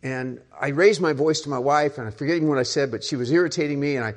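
An older man, a pastor, preaching a conversational sermon full of rhetorical questions, dropping to a soft, hushed voice when he retells personal moments. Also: a little high, fast.

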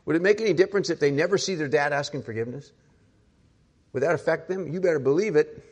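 An older man, a pastor, preaching a conversational sermon full of rhetorical questions, dropping to a soft, hushed voice when he retells personal moments. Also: fairly high pitch, quick pace.

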